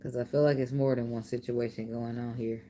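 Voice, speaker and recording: A middle-aged woman with a notably low voice talks through a tarot reading in a loose, joking way. She swears freely, laughs often and teases her listeners. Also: flat delivery, fairly quick, warm tone, a little hiss or hum. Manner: profane, laughing, playful banter. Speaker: tarot reader.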